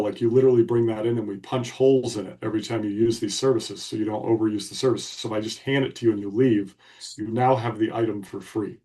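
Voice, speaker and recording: A podcast co-host tells a story in a blunt, emphatic, casual way. His voice is fairly low and dark, and the mic sounds distant.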